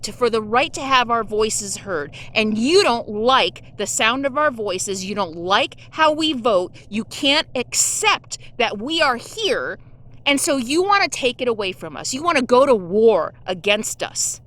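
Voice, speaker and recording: A woman's voice: fairly high pitch, animated, measured pace, fairly bright tone. A woman vlogger giving an impassioned, indignant rant about the news, openly emotional and angry. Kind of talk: ranting political vlog.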